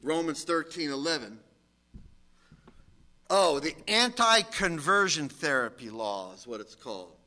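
A middle-aged man preaching a sermon in a fairly high, bright voice. He speaks slowly and emphatically and lifts into shouted exhortations. His delivery is deliberate and unhurried. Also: very animated. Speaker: pastor.

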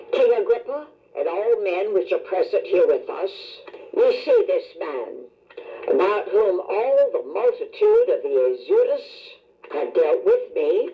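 Lively low woman reading scripture, lo-fi. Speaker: scripture reader. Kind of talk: scripture reading with verse numbers.

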